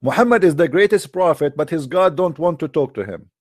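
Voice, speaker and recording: A man with a fairly high voice, recorded dry and close, delivering a sarcastic live-streamed debate talk. He fires off mocking rhetorical questions in broken English and needles his listeners. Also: expressive, fairly quick, no echo. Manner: non-native broken English grammar. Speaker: religious debater.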